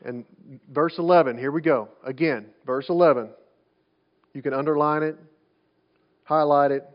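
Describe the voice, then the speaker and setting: A man's voice: on the high side, steady tone, normal speed. A male pastor preaching a sermon in a conversational way, asking rhetorical questions and often restarting his phrases. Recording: dull lo-fi sound.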